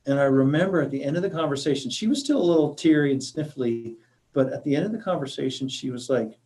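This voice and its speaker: A man speaks as a hospice grief counselor, presenting to a library audience. His mid-range voice moves in a thoughtful, halting way, full of small fillers and restarts as he explains. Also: mid-range voice, a little mellow.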